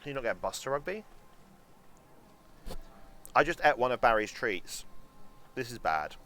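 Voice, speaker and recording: A man's voice: mid-range voice, very animated, normal speed, sharp tone. A young man with a London accent, chatting casually and swearing freely while streaming a game and answering chat. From England.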